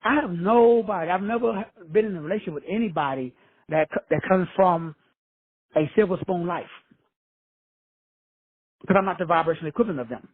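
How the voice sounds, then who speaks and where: A man's voice: high-pitched, a little fast, pauses often, breathy edge, no echo, narrow, tinny audio. A man giving a preachy motivational talk, casual and swearing, calling listeners brothers and sisters. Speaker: self-help speaker.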